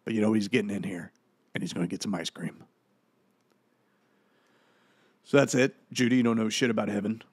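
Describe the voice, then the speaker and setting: A man's voice: lowish voice, fairly even intonation, quick pace, husky, no echo. A man playing the rambling, profane ghost of a washed-up male actor in a comedic audio commentary, full of fillers. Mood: indignant, profane.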